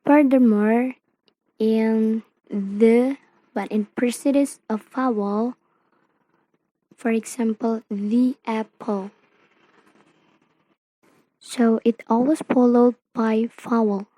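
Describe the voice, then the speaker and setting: A young woman, a non-native speaker of English from Indonesia, slowly reads out a student presentation on phonetics, with grammar slips along the way. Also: a little high, steady tone, warm tone, no room sound, low-quality recording. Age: young adult. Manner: slow careful reading with non-native grammar.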